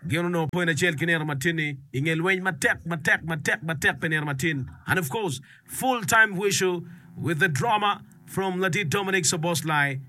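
Excitable football commentator. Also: male voice, fairly high pitch. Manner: excitable, rapid, breaks into sing-song calls. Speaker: sports radio commentator. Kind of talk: live football commentary mixing languages.

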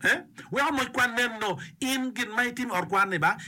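A man's voice: extremely high pitch, moderate pace, pushed and bright. A man giving an emphatic, casual talk on education and community, often repeating himself and checking in with his listener. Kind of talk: casual explanatory talk mixing English and a local language.

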